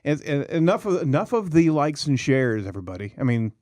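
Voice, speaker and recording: A man's voice: on the high side, sing-song, brisk, a little mellow, no echo. A man with a Midwestern American accent hosting a studio talk show, enthusiastic and friendly, often repeating words as he talks. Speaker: podcast host. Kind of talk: casual studio chat.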